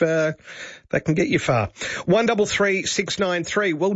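Chatty radio host, husky. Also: male voice, on the high side, no echo. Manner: chatty, joking, with frequent uh fillers. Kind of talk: talk radio presenting. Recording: dull, lo-fi radio broadcast.

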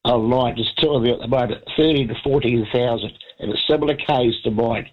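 A man's voice: mid-range voice, brisk, slightly rough. A man, a congested voice and a rambling, chatty manner, calling in to a radio show. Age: 70s. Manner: chatty, meandering, many restarts. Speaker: radio caller. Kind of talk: rambling casual phone chat. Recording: dull lo-fi radio phone line.

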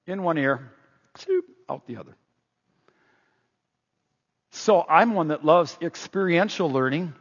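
High-voiced man preaching in a roomy hall. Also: slow pace, pauses often, husky. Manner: animated preaching, quoting scripture aloud. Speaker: pastor. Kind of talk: sermon. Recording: roomy hall, dull lo-fi sound.

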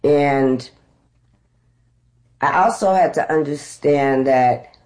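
Slow-spoken reflective actress. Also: female voice, deep voice. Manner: unhurried, reflective, animated when retelling. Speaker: actress guest. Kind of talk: candid conversational storytelling.

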